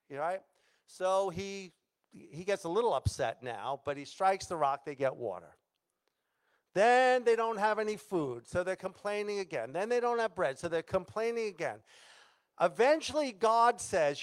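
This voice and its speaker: A man's voice: high-pitched, animated, a little slow, clean tone. A male pastor preaching a sermon, telling a story dramatically and acting out the voices of the people in it.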